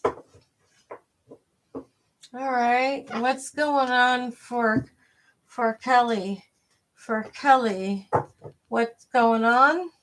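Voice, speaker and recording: A woman doing a live tarot reading, her voice sitting a little high. She talks slowly, drifting and restarting with lots of fillers, chatty with her viewers. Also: fairly even intonation, fairly bright tone, a little hiss or hum. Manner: hesitant, rambling, many fillers and restarts. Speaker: tarot reader.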